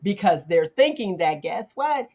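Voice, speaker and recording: A middle-aged woman hosting a casual talk show, animated and acting out quotes in playful voices. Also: mid-range voice, measured pace. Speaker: podcast host. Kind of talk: casual chat.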